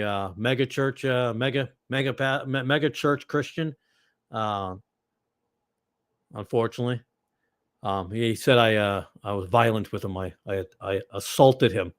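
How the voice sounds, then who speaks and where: A man's voice: mid-range voice, no room sound, studio quality. Rambling man with a Boston accent. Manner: rambling and digressive, with sudden loud outbursts. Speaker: ministry host. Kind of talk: casual livestream chat answering viewers.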